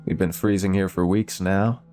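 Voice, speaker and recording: A man's voice: deep voice, fairly even intonation, moderate pace, warm tone, faint music behind, close to an everyday voice. A man voicing a humorless, bearded army general with a German accent, blunt and skeptical.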